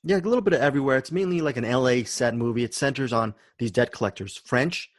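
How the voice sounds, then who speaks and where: A man's voice: mid-range voice, fast talker, no room sound. A man hosting a podcast in casual chat, enthusiastic and repeating words as he thinks. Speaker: podcast host.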